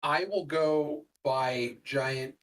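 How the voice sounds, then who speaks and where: A man's voice: fairly high pitch, very slow, a bit bright, distant mic, rough recording. A middle-aged man chatting casually as a guest, rambling with lots of fillers. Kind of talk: casual conversation.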